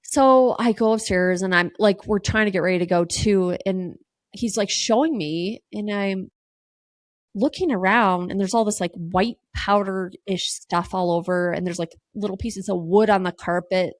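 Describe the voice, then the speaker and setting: A woman's voice: mid-range voice, normal speed, no room sound, studio quality. A woman in her thirties hosting a podcast, telling a raw personal story with plenty of fillers and casual swearing. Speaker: podcast host.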